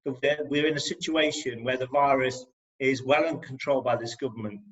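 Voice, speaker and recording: A man's voice: mid-range voice, steady tone, moderate pace. A man with an English Midlands accent performs his rhyming poems on an online video call and talks between them with wry humour. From England. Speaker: performance poet. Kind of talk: spoken-word poetry reading with comic asides. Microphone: video call microphone. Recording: dull lo-fi video call audio.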